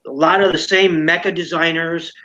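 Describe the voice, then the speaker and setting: A man's voice: on the high side, fairly even intonation, normal speed, sharp tone, highs cut off. A man hosting a casual live-stream chat about toys, rambling and playful. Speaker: host.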